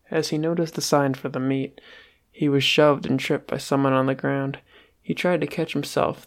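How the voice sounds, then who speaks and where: Gravelly amateur story reader. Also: medium pitch. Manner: stumbling, with restarts. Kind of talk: amateur reading of a fan story.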